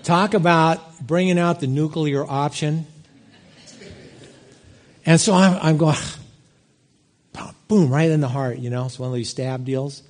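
A middle-aged man preaching a sermon, telling a personal story with lively swings in his voice. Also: a little slow, long pauses. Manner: animated storytelling, big swings in pitch.

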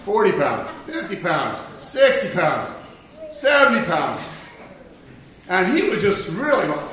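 A man tells a story to children, playful and quizzing his listeners. His voice is high, bright and very lively, and he sounds far from the mic in a roomy, echoing hall. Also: a little slow, pauses often. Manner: playful, asks the audience questions.

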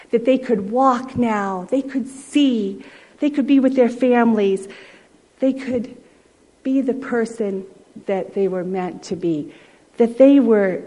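A woman preacher giving a sermon as a story, gentle and often dropping to a soft hush. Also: a little high, low-quality recording.

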